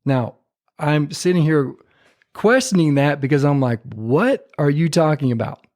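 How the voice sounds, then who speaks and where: A man's voice: fairly high pitch, a little slow, a little mellow. A man hosting a podcast interview, joking and bantering playfully with his guest. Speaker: podcast host.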